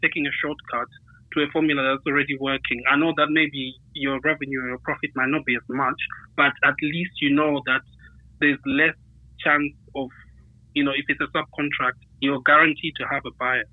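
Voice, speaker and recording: A man's voice: mid-range voice, flat delivery, fairly quick, no echo. A man talking casually about running a business, hesitant, with many fillers and restarts. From United Kingdom. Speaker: guest. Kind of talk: casual conversation. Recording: tinny phone line, dry.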